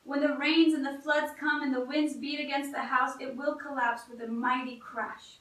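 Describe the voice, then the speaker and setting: A woman's voice: high voice, fairly even intonation, normal speed, fairly bright tone. A woman preaching a sermon in an earnest, conversational way, often restarting her phrases. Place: church. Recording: echoey room, voice from a distance.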